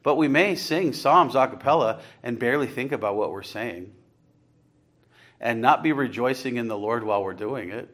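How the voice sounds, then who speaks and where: A man's voice: medium pitch, animated, moderate pace, a bit bright. A man preaching an earnest, conversational sermon, rising to emphatic points and putting questions to his congregation. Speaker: pastor.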